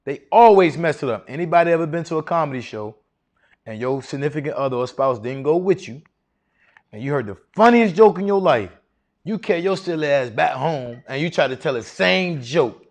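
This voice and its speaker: A man's voice: a little high, lively intonation, a little fast. A man teaching a live seminar to an audience in a room, casual and confident, often asking the crowd rhetorical questions. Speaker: seminar speaker teaching contracting.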